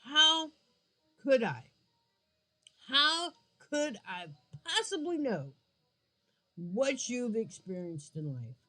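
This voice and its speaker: A woman's voice: fairly high pitch, big pitch swings, slow pace, long pauses, bright, forceful tone, faint music behind, poor audio. A woman vlogger and gamer giving her blunt, emphatic opinion to her viewers, with mocking asides. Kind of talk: frank opinion vlog.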